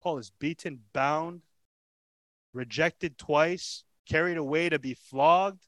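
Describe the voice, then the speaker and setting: A man's voice: fairly high pitch, slow, a bit bright, dry recording. A man preaching a sermon as pastor, telling the story with dramatic emphasis, rhetorical questions and repeated lines. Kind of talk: expository sermon.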